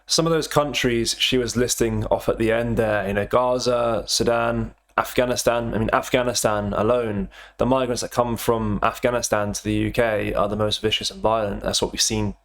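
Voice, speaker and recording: A man's voice: on the low side, fairly even intonation, moderate pace, hardly any pauses. A man hosting a commentary channel, talking over clips in an indignant, repetitive way.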